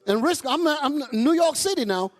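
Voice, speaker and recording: A man preaching a fiery, profane sermon to his congregation, calling out to them as he goes. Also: a little fast. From United States. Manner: loud, animated, swings high and low, profane, asks crowd "y'all all right?".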